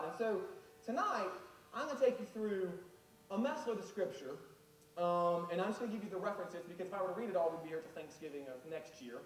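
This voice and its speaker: A man preaching a sermon to a congregation, telling the story in an animated, joking way and acting out quotes. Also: high voice, fast talker, slight background noise. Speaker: pastor. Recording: echoey hall, speaker far from mic.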